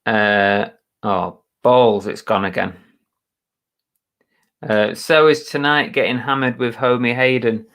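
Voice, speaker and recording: A man hosts a relaxed live stream, reading out viewers' names. He talks at an unhurried pace in a mid-range voice. He is chatty and self-mocking, and mutters mild curses at his streaming software. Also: medium pitch. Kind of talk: casual live chat, greeting viewers.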